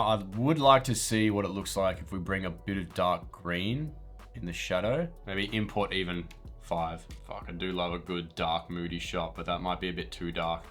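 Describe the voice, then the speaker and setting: A man's voice: low voice, a bit bright. A man commenting casually on photos while editing them, blunt and profane, mocking the pictures and often laughing at his own jokes. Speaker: photographer roasting viewer photos.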